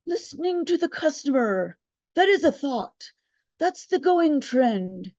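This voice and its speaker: A woman voicing a prim, haughty shop clerk who speaks slowly and formally. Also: sits high, sing-song, darkish tone, no room sound, full character voice. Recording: dull, dry sound.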